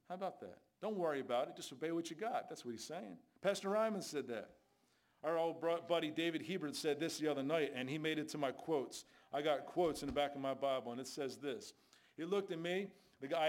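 A man's voice: a little high, a little fast. Emphatic preacher man telling stories. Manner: storytelling, emphatic, rhetorical questions. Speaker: street preacher. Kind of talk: sermon.

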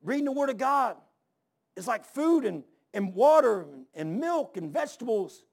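A man's voice: very high voice, very animated, moderate pace, gravelly, darkish tone. A middle-aged male pastor preaching a sermon, telling stories and firing rhetorical questions with emphasis.

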